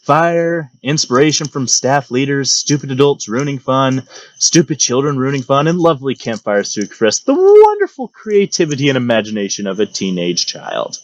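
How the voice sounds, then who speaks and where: A man's voice: medium pitch, dry recording. A young man hosting a comedic storytelling monologue, mock-grand and sarcastic in his telling, recorded close on a dry mic. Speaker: storytelling channel host.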